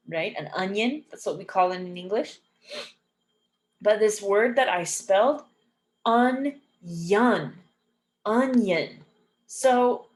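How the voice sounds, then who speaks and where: A woman teaching an English phonics lesson, saying each example word slowly and repeating it clearly and patiently. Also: mid-range voice. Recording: echoey room.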